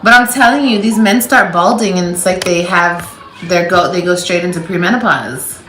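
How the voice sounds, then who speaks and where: A woman talking loosely to her viewers in an animated, rambling live chat. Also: fairly low pitch, moderate pace, roomy sound, faint music behind, rough recording. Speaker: livestreamer.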